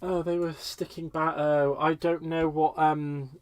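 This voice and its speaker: A man's voice: fairly high pitch, flat delivery, measured pace, no room sound. A man hosting a live crafting demonstration from his home desk. He chats with viewers in a playful, camp, teasing way while he works. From United Kingdom. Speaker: crafting livestream host. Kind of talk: live crafting demo chat.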